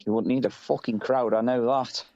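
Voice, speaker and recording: A man's voice: medium pitch, fairly even intonation, normal speed, a little mellow, muffled recording, slight background noise. A British man chatting casually as a podcast co-host, rambling and swearing, often laughing. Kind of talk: casual chat.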